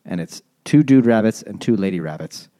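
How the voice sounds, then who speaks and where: A man's voice: on the low side, expressive, a little fast, mellow. A man hosting a podcast, retelling a story in a crude, jokey casual chat. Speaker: podcast host.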